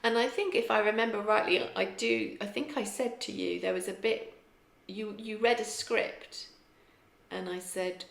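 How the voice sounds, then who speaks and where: A woman's voice: medium pitch, fairly even intonation, normal speed, vocal fry, fairly bright tone. A woman co-hosting a casual podcast chat, reflective and a bit hesitant, searching for her words as she talks. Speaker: podcast co-host and tarot reader. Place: kitchen table at home. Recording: echoey kitchen room.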